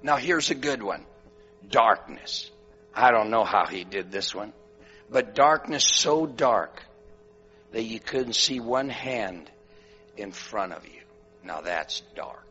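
Preacher guy going from loud to hushed, muffled lo-fi sound, faint music and hum behind. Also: on the low side, lively intonation, slow, pauses often. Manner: swings from loud exhortation to hushed storytelling. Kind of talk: sermon with a dramatic story. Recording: dull lo-fi recording with faint music and mains hum.

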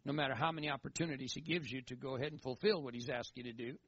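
A man preaching a sermon in an animated way, repeating phrases for emphasis, on a dull lo-fi recording. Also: mid-range voice, very fast, breathy edge. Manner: animated, acts out quoted voices, emphatic repetition.

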